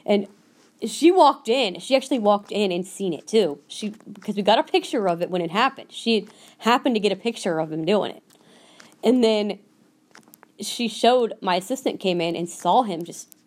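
A woman's voice: medium pitch, lively intonation, moderate pace. A woman hosting a podcast, telling a personal story in a casual, earnest way and acting out the voices of people she quotes. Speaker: podcast host.

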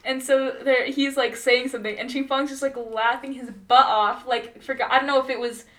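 A woman's voice: high-pitched, steady tone, moderate pace, a bit bright, distant mic. A young woman telling stories in casual chat, rambling with many fillers and bursts of laughter.

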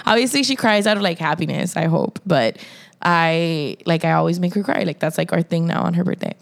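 A young woman co-hosting a casual chat, her voice sitting slightly low. She rambles easily, stacking "like" between thoughts and slipping in the odd Spanish word. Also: a little fast, vocal fry. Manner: chatty, lots of "like", drops Spanish words. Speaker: podcast co-host.

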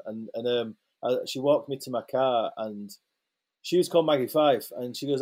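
A young man recounts a story in relaxed, casual conversation. His voice sits at an ordinary middle pitch. He talks in a lively, loose way, swearing freely and trailing into fillers and restarts. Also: unhurried. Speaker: interview guest.

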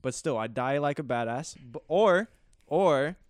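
A man's voice: fairly high pitch, lively intonation, unhurried, no echo, clean studio sound. A young man in casual chat, spinning playful, boastful what-if scenarios. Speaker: friend in conversation.

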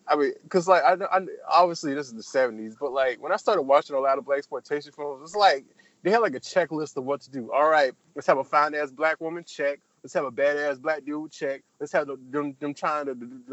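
A man's voice: a little high, fairly bright tone, dry recording. Rambling profane man recapping a movie. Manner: rambling, profane, acts out scenes in voices. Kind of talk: casual film-review chat. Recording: dull lo-fi recording.

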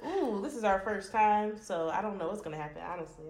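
A woman's voice: mid-range voice, lively intonation, fairly quick, a little mellow. A woman from Detroit co-hosting a podcast, a little tipsy, chatting casually with laughing, profane banter. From Detroit, USA. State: tipsy from drinking. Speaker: podcast co-host. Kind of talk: casual chat. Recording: echoey room.

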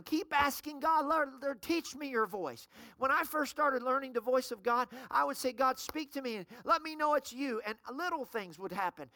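Female pastor, emphatic sermon delivery with call-and-response, bright tone. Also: on the high side, no room sound. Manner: storytelling with everyday examples.

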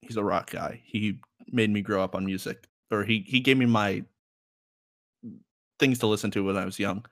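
A man's voice: on the low side, steady tone, moderate pace, a bit bright, no echo, clean studio sound. A young man co-hosting a podcast in casual chat, rambling and laughing often. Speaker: podcast co-host.

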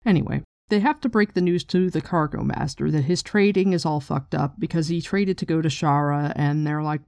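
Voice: mid-range voice, a little fast, creaky, few pauses, darkish tone, no echo, clean studio sound. A podcast host in a casual book discussion, chatty and irreverent, swearing casually.

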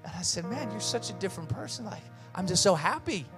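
A pastor delivers a sermon in an earnest, conversational way, moving between stories and scripture. His voice sits a little high for a man, and soft music plays beneath him. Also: fast. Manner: conversational storytelling preacher, lively and earnest.

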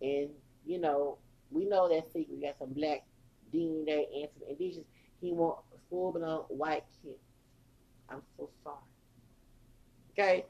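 A woman hosting a casual ranting podcast, animated, laughing often and breaking into song snippets. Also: deep voice, normal speed, long pauses, lo-fi sound. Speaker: podcast host.

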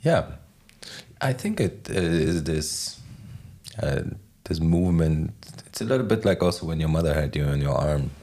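A man with a very low, gravelly voice and a husky edge speaks as a guest in a casual chat. He rambles in an easygoing way, leaning on filler words as he thinks aloud. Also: moderate pace. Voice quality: deep gravelly voice. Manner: relaxed and rambling, many "like" fillers. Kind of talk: casual conversation.

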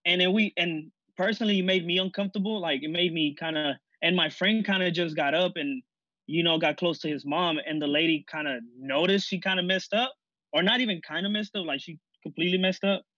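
A man's voice: high-pitched, brisk, pushed and bright, no echo, highs cut off. A young man telling a story in a casual group conversation, easygoing and full of fillers. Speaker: discussion participant.

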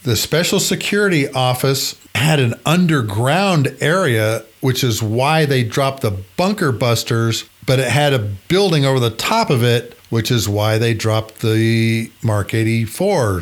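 A man hosting a podcast, telling a story in a lively, conversational way, sometimes laughing as he speaks. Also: mid-range voice. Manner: animated, conversational. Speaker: podcast host.

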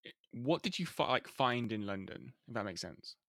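A man's voice: mid-range voice, animated, normal speed, fairly bright tone, dry recording, studio quality. A man hosting an interview, asking questions hesitantly with lots of fillers. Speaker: interviewer, host.

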